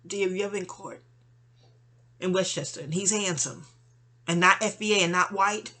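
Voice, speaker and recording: A woman's voice: fairly low pitch, normal speed. A woman venting to a friend in a rambling, exasperated personal monologue, full of slang and side remarks. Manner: animated, exasperated storytelling with slang and asides.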